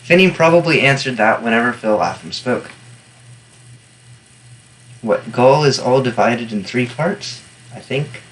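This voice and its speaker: A man at an ordinary middle pitch reads a novel aloud, carrying the first-person narration at an even, unhurried pace. He breaks off now and then for dry, casual remarks on the text before sliding back into the story. A faint hiss sits under his voice. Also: poor audio. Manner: steady first-person narration broken by wry, offhand asides. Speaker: reader and annotator. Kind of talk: reading a novel aloud with commentary.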